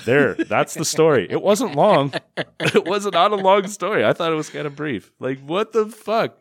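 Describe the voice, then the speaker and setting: A man with a somewhat raised voice talks through a movie recap in a casual, sarcastic way, full of disbelief and cursing. His pitch swings widely as he jumps between jokes and complaints. The sound is dry and close, with no room around it. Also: lively intonation, normal speed, no echo. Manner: sarcastic, incredulous, profane, laughs often. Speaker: podcast co-host.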